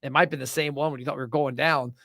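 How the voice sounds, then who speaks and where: A young man hosting a casual chat, telling funny travel stories in a joking, animated way. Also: medium pitch, very fast, vocal fry, no echo, clean studio sound. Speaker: podcast host.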